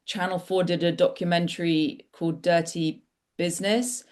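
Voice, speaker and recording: A woman's voice: on the low side, level tone, normal speed, a little mellow. A middle-aged woman author talking casually and enthusiastically at an online book launch, rambling with frequent restarts over a video call.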